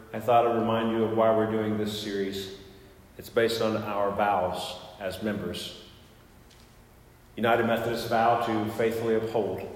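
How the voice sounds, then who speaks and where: Man preaching in an echoey church. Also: fairly low pitch. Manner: conversational storytelling with many fillers and restarts. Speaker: pastor. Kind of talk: sermon with personal story. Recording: echoey church hall with long reverb.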